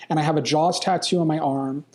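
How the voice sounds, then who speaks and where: A man's voice: a little high, fairly even intonation, a little mellow. A man talking as a filmmaker guest in a casual interview, enthusiastic and rambling, from a hotel room. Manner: enthusiastic, rambling, quick bursts.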